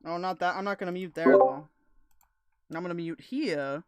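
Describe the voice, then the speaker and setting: A woman's voice: lowish voice, normal speed, loud music behind the voice. A woman streamer chatting casually and bluntly, cursing as she sets up a video. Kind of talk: casual livestream chat.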